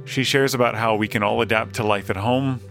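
Gravelly-voiced male podcast host. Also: mid-range voice, fairly even intonation, brisk, a bit bright, faint music behind. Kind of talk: scripted outro.

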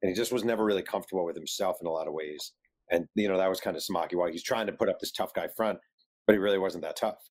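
Male author, lowish voice, animated storyteller who acts out quotes. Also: very fast. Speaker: author guest. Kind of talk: telling a story in an interview.

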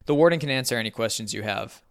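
A man's voice: medium pitch, fast, clean tone, no room sound, studio quality, lightly acted. A man voicing a smirking adult male prison guard, matter-of-fact in tone. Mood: dry.

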